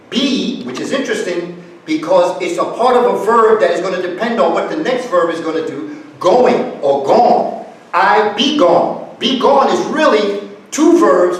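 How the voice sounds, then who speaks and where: A man lecturing a live audience, acting out example phrases and coaxing them to join in. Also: high voice. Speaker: guest speaker. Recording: echoey room, far from the mic.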